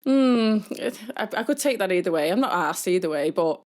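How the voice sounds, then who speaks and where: A young woman telling stories in a casual podcast chat, full of fillers and high-pitched mimicry. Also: expressive, fast talker. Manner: chatty storyteller with many fillers, mimics people in a high voice. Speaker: podcast co-host.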